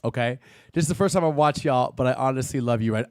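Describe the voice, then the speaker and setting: Animated high-voiced man hosting a call-in. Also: fast talker, no echo, clean studio sound. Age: 30s. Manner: animated, chatty, swears, laughs often. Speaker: call-in show host. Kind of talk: casual live-stream talk.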